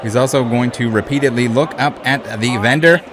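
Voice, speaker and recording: A man's voice: mid-range voice, fairly quick, noisy background. A man hosting a reaction commentary who speaks in a blunt, indignant way and swears often. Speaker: channel host.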